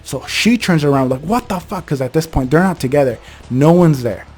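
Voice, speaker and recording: A young man hosting a channel, casually telling ghost stories about his childhood home in a quick, rambling way full of fillers and self-corrections. He records in a bedroom at home. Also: fairly high pitch, a little mellow. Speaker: host, storyteller.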